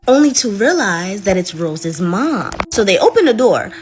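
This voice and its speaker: Female vlog host, casual storytime, animated pitch, chatty. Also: normal speed, hardly any pauses, a little hiss or hum. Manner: chatty, dramatic, many "like"s.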